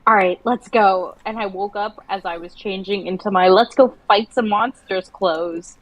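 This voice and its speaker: Woman streamer, animated storyteller in casual chat, dry close mic. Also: medium pitch, normal speed, no room sound, lo-fi sound. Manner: chatty, animated storyteller with many restarts. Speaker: livestream co-host.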